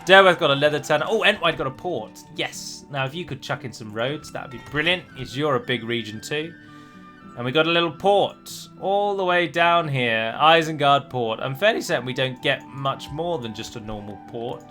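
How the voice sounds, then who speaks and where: Bright-voiced man rambling over gameplay. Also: medium pitch, animated, moderate pace, soft background music. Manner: rambling, self-deprecating, chatty asides. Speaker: gameplay commentator. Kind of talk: casual gameplay commentary.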